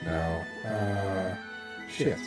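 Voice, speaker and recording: A man's voice: deep voice, fairly even intonation, extremely slow, loud music behind the voice. A man streaming a video game, talking casually to himself and his viewers, often muttering and swearing under his breath. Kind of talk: casual live-stream chatter. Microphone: desk microphone.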